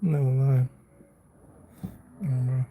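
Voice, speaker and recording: A man's voice: mid-range voice, steady tone, slow pace, dark tone, a little hiss or hum. A man, chatting casually with his viewers on a live stream from his car, laid-back and rambling, calling people bro and man. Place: inside a car.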